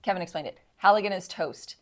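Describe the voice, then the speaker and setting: A woman's voice: lowish voice, fast talker. A woman co-hosting a casual live-stream show, laughing often as she reads viewer comments aloud. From Texas. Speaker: podcast co-host.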